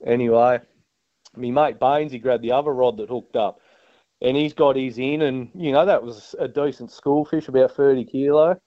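The recording is dull, dry and lo-fi as a Tasmanian man, a guest angler, chats casually through a broad fishing yarn, frequently calling people "mate." His Australian-accented voice is mid-range and moves at normal speed.

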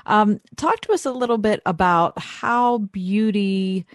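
A woman co-hosting a radio show, asking questions in a relaxed, conversational way. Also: medium pitch, a little slow, no room sound, studio quality. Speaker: radio co-host. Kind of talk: radio interview.

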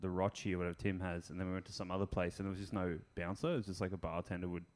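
A man's voice: deep voice, flat delivery, racing, a little mellow. A man chatting casually on a podcast in a loose, hesitant way. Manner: loose, hesitant telling with fillers and "blah blah". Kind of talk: casual comedic chat.

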